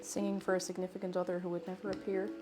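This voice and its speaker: A woman's voice: lowish voice, monotone, racing. A woman live-streaming from her home kitchen while baking, chatting playfully and humming and singing to herself. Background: music.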